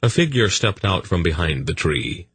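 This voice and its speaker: A man narrating a fantasy audiobook in a measured, steady storytelling manner. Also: deep voice, husky, no room sound.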